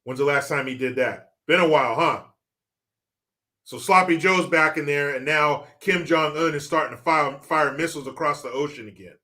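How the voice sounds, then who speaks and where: A man's voice: a little high, moderate pace, sharp tone. A man hosting a livestream with political commentary, mocking and swearing as he talks. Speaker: livestream host.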